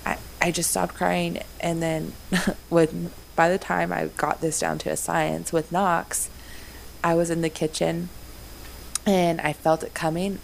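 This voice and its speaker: Young woman, casual chat, low gravelly voice, animated storytelling, faint background noise. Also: unhurried, poor audio. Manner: animated storyteller, acts out quotes in a higher voice. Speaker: mother of four sharing stories.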